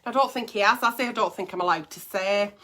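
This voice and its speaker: A woman's voice: medium pitch, fast talker, bright, forceful tone. A middle-aged woman hosting a casual advice stream, blunt and profane as she reads and answers letters. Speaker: advice show host.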